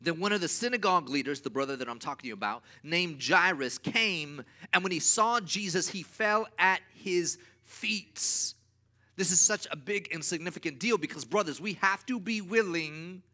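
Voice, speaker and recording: A man preaching a sermon as pastor, with emphatic repeated refrains and swings from loud to quiet. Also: a little high, expressive, moderate pace.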